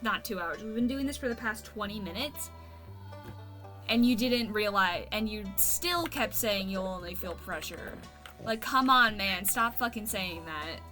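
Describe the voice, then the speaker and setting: A woman's voice: medium pitch, expressive, measured pace, sharp tone, soft background music. A woman streamer chatting casually while gaming, venting in a blunt, profane way.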